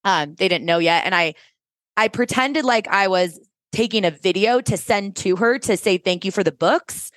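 A woman podcast host in casual chat, telling a story with effusive, animated energy and acted-out quotes. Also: mid-range voice, normal speed, dry recording.

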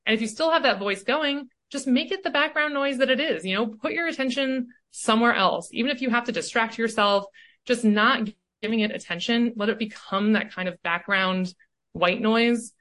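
A woman speaking as a coach and podcast guest in casual conversation. She is animated and keeps tagging her points with "right?". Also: on the high side, moderate pace. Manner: animated, often tags "right?".

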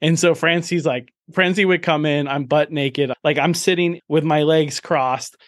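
A man's voice: a little high, steady tone, measured pace, dry recording, studio quality. Earnest man telling a personal story. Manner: earnest and open, with frequent restarts and emphatic bursts. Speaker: podcast host. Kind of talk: candid personal storytelling in an interview.

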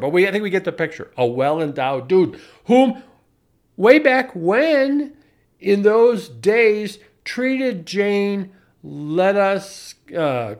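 A man in his forties giving a sardonic storytelling monologue, wry and deliberate, often restarting his sentences and adding asides. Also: on the high side. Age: 40s. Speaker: commentator.

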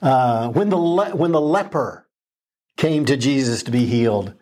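A man's voice: mid-range voice, lively intonation, a little slow, darkish tone. A man co-hosting a casual Bible discussion podcast, talking earnestly and with emphasis, with many ums and restarts. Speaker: podcast co-host.

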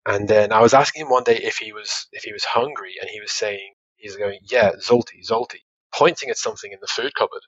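Laughing dad telling stories. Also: male voice, on the low side, fast, dry recording, highs cut off. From Australia. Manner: animated storytelling, laughs often, many restarts. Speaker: guest, father. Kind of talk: casual interview chat.

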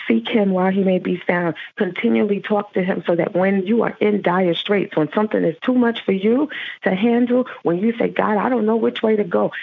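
A woman preaches in an earnest, storytelling way, then moves into fervent prayer. Her voice is husky with a gravelly edge. The sound is tinny and narrow, like a phone line, and completely dry. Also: on the low side, no echo. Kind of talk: devotional sermon and prayer.

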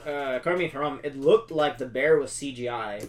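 A man from Georgia, USA, with a Southern American accent and a mid-range, slightly fast voice co-hosts a casual movie review podcast. He's laid-back and chuckles as he retells scenes, picked up by a distant mic with faint background noise.

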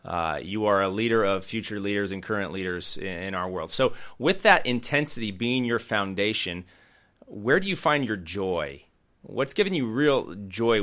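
A man's voice: on the low side, fairly bright tone. A man who is a pastor co-hosting a talk show, speaking emphatically and encouragingly. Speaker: pastor and co-host. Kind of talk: casual chat.

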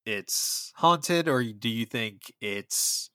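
A man's voice: mid-range voice, animated, drawn-out words, pushed and bright, clear, resonant tone, no room sound, clean studio sound. A man co-hosting a podcast in easygoing casual chat, swearing offhandedly. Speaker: podcast co-host.

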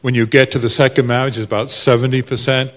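A male pastor, preaching a sermon that swings from soft to loud. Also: mid-range voice, flat delivery, fast talker, long reverb tail.

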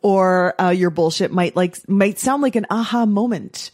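A woman's voice: mid-range voice, unhurried, darkish tone, dry recording, studio quality. A middle-aged woman hosting a casual solo podcast as a coach, blunt and swearing freely, acting out quoted excuses in mocking voices.

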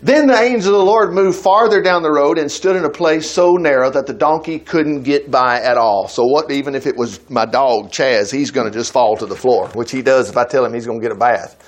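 A man's voice: mid-range voice, a little fast, hardly any pauses. A man preaching a sermon at a church service, retelling a Bible story with folksy asides and laughter.

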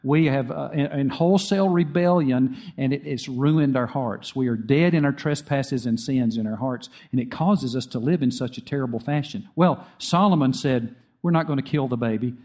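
A man's voice: medium pitch, moderate pace, hardly any pauses, darkish tone. A man preaching a sermon earnestly, often repeating phrases and restarting with small fillers. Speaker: pastor.

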